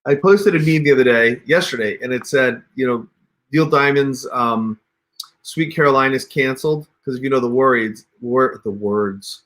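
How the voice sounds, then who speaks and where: Over a computer mic, the man talks viewers through on-screen steps in a chatty livestream tutorial, calling them "you guys." His mid-range voice is fairly bright and moves at a moderate pace.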